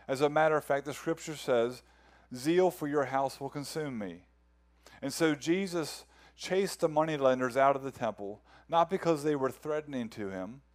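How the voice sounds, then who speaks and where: A male pastor delivers an earnest sermon at medium pitch, repeating words to build each point. When he reads scripture, he goes slowly and with feeling.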